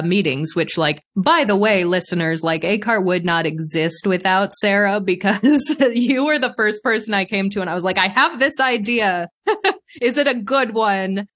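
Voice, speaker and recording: A woman's voice: lowish voice, a bit bright. A woman hosting a podcast, talking in a chatty, laughing way with lots of fillers. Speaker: podcast host. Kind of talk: conversational interview.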